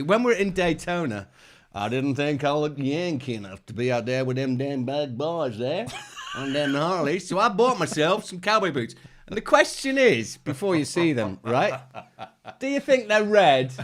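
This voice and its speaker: A man's voice: a little high, slight background noise. A middle-aged man co-hosting a casual live chat show, joking and laughing often. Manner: jokey, teasing, laughs often. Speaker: co-host.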